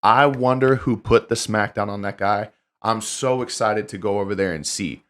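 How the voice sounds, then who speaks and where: A man voicing an excited young shepherd boy who talks in casual slang. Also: lowish voice, normal speed, close to an everyday voice.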